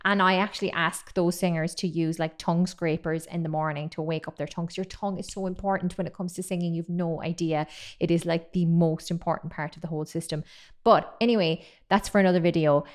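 A woman's voice: on the low side, steady tone, brisk. A woman in her thirties teaching a singing lesson in an enthusiastic, chatty way. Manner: enthusiastic, chatty, demonstrates sounds. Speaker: singing voice coach. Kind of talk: vocal technique lesson.

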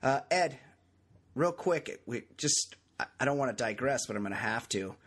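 A man's voice: medium pitch, expressive, moderate pace, fairly bright tone, husky. Joking podcast host man. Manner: jokey, rambling, self-mocking. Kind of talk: casual podcast banter.

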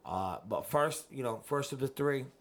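A man hosting a podcast in casual, profane chat, getting excited and yelling out names. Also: mid-range voice, normal speed. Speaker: podcast host.

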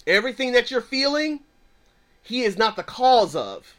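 A man's voice: extremely high pitch, very animated, moderate pace, fairly bright tone. A man who counsels clients, teaching in an emphatic preaching style with a repetitive cadence.

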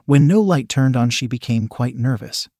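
A man narrating a first-person adult audio story in a steady, even way. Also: medium pitch, normal speed, no room sound, clean studio sound.

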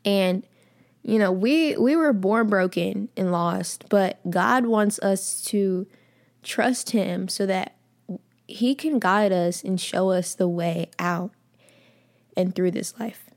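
A woman's voice: medium pitch, takes it slowly. Earnest young woman encouraging listeners. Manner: casual, many fillers, repeats for emphasis. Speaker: podcast host. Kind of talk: faith podcast monologue.

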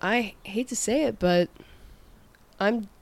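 A woman's voice: mid-range voice, slow. A young woman chef, a podcast guest, telling frank, wry stories from her kitchen days in a casual interview. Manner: frank, wry storyteller who curses freely.

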